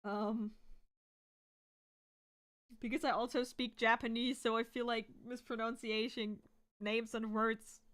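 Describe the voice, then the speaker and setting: A woman from Germany with a German accent, a native German speaker chatting casually while drawing on stream, talking fast and sometimes fumbling her words. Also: on the high side, flat delivery, fairly bright tone. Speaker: artist streamer.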